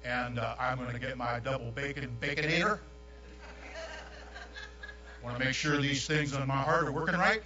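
An older man, preaching a sermon with folksy, animated storytelling. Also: mid-range voice, normal speed, long pauses, recorded from a distance. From New York. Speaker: pastor. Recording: echoey room, dull sound, mains hum.

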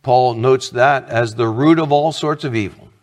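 A man's voice: medium pitch, normal speed, big-room sound. A middle-aged man preaching a sermon as pastor, earnest and conversational, asking the congregation questions.

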